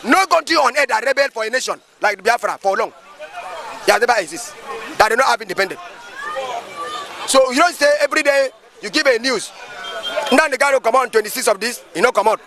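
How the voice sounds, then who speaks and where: A Nigerian man, a pastor, holds forth out of doors in a very high, bright, gravelly voice. He lectures emphatically and keeps throwing rhetorical questions, with faint crowd chatter behind him. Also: expressive, fairly quick, long pauses. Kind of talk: impassioned street commentary.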